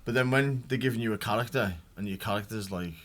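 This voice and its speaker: A man's voice: fairly low pitch, fast talker, a bit bright. A man who works as a stuntman, answering podcast questions in a hesitant way with many restarts. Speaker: stuntman guest. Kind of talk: podcast interview. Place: podcast studio with live audience.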